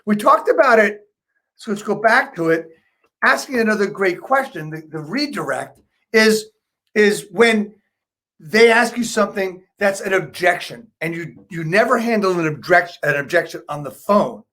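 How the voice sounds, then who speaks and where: A man with a notably high speaking voice coaches viewers through a live online lesson on building rapport. His delivery is chatty and upbeat, full of "right?" check-ins and quick self-corrections. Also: animated, bright, forceful tone. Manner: self-correcting, apologetic asides. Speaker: sales trainer.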